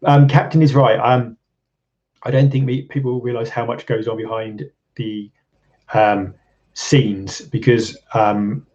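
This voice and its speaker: A man's voice: mid-range voice, level tone, takes it slowly, darkish tone, dull audio. A man from England hosting a casual live stream, rambling with lots of ums and restarts and chuckling often. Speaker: channel host. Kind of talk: casual live-stream chat reading viewer comments.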